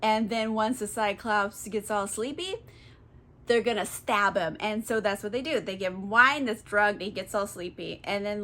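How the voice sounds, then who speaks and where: Young woman kinda drunk, swearing and giggling thru a book recap, highish voice. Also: fairly bright tone. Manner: giggly, swears a lot, filler-heavy. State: tipsy. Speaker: book channel host. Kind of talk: tipsy comedic book summary.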